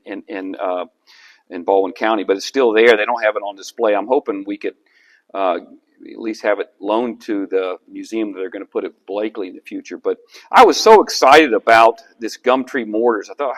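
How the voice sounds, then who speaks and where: Lower-voiced man giving a lively history talk. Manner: conversational, animated storyteller with frequent restarts. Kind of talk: lecture to a history club with slides.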